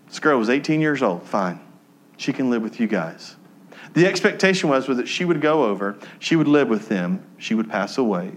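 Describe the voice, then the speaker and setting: A male pastor preaching a sermon, telling a story that drops soft and low when he is moved, then rising into emphatic teaching.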